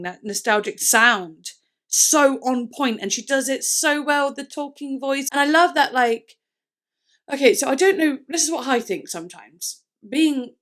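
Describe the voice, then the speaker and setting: Her voice fairly high and a bit bright, a young woman from the UK with a British accent reacts to music on her vlog. The chat is casual and scattered, and she stumbles over words as she rambles.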